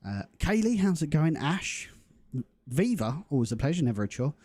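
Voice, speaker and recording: A man's voice: a little high, very animated, normal speed, a little mellow, dry recording, clean studio sound. A young man hosting a game live stream, chatting casually and greeting viewers in the chat by name. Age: young adult. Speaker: livestream host.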